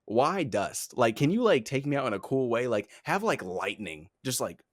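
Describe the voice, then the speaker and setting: A young man co-hosting a podcast, talking in an animated, rambling way with lots of fillers and laughs. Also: medium pitch, normal speed, dry recording, studio quality. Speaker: podcast co-host, head of talent. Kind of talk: casual chat.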